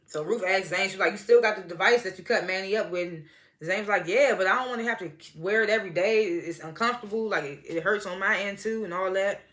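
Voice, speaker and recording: Speaking fast in a medium-pitched, fairly bright voice, a woman reviews a TV episode casually. She walks through the scenes using quoted voices and laughs often.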